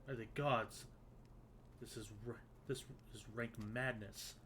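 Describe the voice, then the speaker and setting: A man's voice: mid-range voice, fairly even intonation, slow, a little hiss or hum. A man reading the lines of a stern male elder warrior in solemn, urgent game dialogue. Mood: grave urgent. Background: loud game music.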